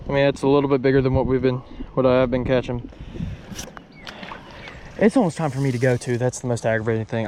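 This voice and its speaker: A young man hosting a fishing vlog, excitable and flustered as he talks to his viewers outdoors. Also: mid-range voice. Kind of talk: casual fishing vlog talk. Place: outdoors by the water. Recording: noisy outdoor recording with wind.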